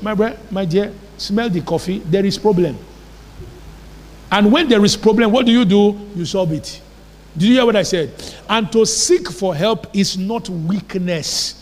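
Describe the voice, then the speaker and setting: A man's voice: high voice, unhurried. A pastor preaching a sermon in a church, emphatic and asking his congregation rhetorical questions. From Nigeria. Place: church hall. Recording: long reverb of a church hall.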